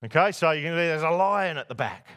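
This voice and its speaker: A man with a fairly high voice preaches a sermon in a church. He speaks to a congregation and keeps asking them rhetorical questions. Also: expressive, quick pace, bright, forceful tone. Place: church before a masked congregation.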